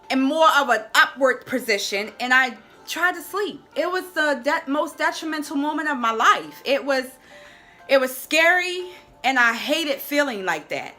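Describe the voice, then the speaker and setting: Lively, bright-voiced woman telling a story. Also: high-pitched, moderate pace, soft background music. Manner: expressive storyteller, speaks to listeners as "y'all". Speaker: health coach. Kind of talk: personal storytelling to camera.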